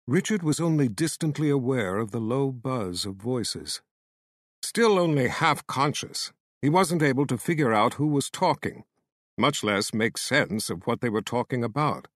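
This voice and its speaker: A man narrating a fantasy audiobook with measured, dramatic storytelling. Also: medium pitch, animated, no room sound, studio quality.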